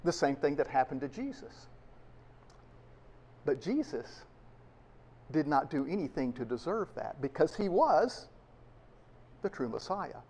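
A man's voice: on the high side, very animated, a little slow, long pauses, a little mellow, husky. A man preaching a sermon to his congregation, emphatic and full of rhetorical questions. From United States. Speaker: pastor.

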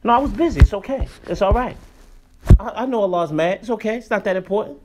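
A brushed-off, offhand mother waving away her responsibilities, as a man puts her on mid-lesson. She sounds airy and unbothered, voiced softly. The voice sits high and wanders around in pitch. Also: expressive, fast talker, background noise. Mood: dismissive. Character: dismissive busy mother, woman, shrugging off duty.

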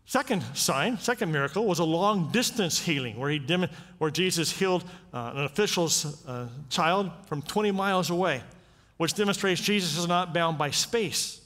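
A male pastor preaching in a conversational, animated style, his fairly high voice swinging widely in pitch. He keeps checking in with rhetorical questions. The sound carries a long reverb from a church hall. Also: moderate pace. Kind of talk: sermon.

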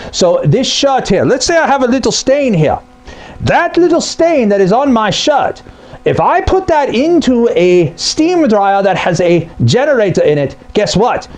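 A man's voice: high-pitched, darkish tone. A man who repairs appliances, explaining a topic to camera in a blunt, conversational way. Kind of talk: explainer video.

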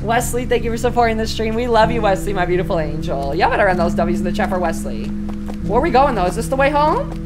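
Sassy young woman streamer, lively swoops. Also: mid-range voice, fast, over loud music. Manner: sassy, slangy and profane, swings from mumbling to shrieking. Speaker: streamer playing a horror game. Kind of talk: casual live-stream commentary, reading game dialogue aloud.

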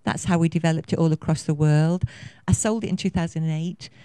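A woman's voice: low voice, steady tone, a little fast, dark tone, clear, resonant tone, dry recording. A woman in her fifties giving a conference talk, effusive and passionate, rambling with many fillers. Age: 50s. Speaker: conference speaker. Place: conference venue.

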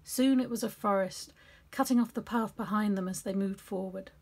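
A woman's voice: mid-range voice, normal speed, gravelly, darkish tone, breathy edge. A middle-aged woman reading aloud a story she wrote and breaking off for chatty asides, recorded in her home office.

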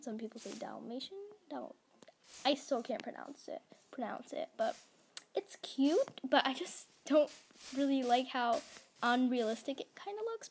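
A woman's voice: high voice, darkish tone. A young woman giving casual, giggly gameplay commentary, gushing and stumbling over words. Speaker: gaming vlogger.

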